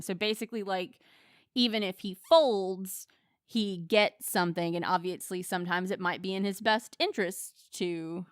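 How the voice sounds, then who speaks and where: Young woman podcast co-host, casual movie chat, crisp tone, dry close sound. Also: medium pitch, fairly even intonation, moderate pace, a bit bright, no room sound. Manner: chatty, many fillers and restarts.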